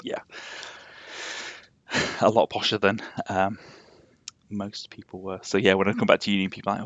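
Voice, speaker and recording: A man's voice: fairly low pitch, steady tone, moderate pace, long pauses, a bit bright, dry recording, muffled recording. A young man with a slightly posh Yorkshire accent, chatting rambly on a game live stream and laughing often. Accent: Yorkshire, somewhat posh. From England, Yorkshire. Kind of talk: casual live-stream chat.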